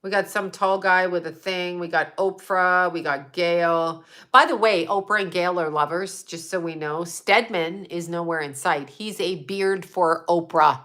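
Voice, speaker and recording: A woman's voice: fairly low pitch, moderate pace, a bit bright. A woman hosting a show, ranting bluntly and profanely in an agitated, casual way. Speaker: host.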